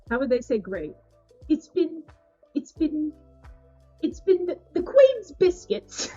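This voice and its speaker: A woman putting on a deliberately bad cockney British accent, chatting playfully with hammy British slang. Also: fairly high pitch, mellow, muffled recording, voice pushed down.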